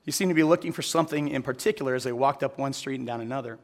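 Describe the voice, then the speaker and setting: A man's voice: mid-range voice, rapid-fire. A man preaching a sermon to a live audience, telling a story and then asking the audience earnest direct questions. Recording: long hall reverb.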